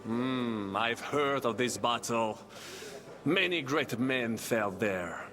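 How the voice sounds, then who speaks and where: A man's voice: medium pitch, expressive, slow, crowd noise. A man with a French accent voicing a boastful baron in a video game, grand and theatrical. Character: boastful French baron, smooth talker, middle-aged man. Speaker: game character.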